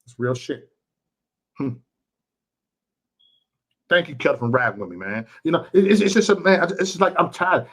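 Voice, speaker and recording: Speaking at a moderate pace with long pauses, this vlogger and livestream host has a fairly high, fairly bright voice. He's from Chicago and rants bluntly and with profanity to his chat, preachy and repeating himself.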